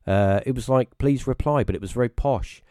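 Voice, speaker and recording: British man, guest storyteller, rambling anecdotes, acts out quotes in a high voice, mellow tone, dry close mic. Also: brisk, clean tone, no room sound. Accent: British English. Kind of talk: casual storytelling on a live stream.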